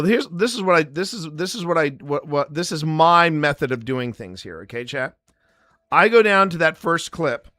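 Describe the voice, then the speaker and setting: On a studio-quality recording without room sound, a man with a fairly high, sharp-toned voice addresses his chat directly. He's a paranormal investigator and live streamer, describing his editing approach in a rambling, humorous way.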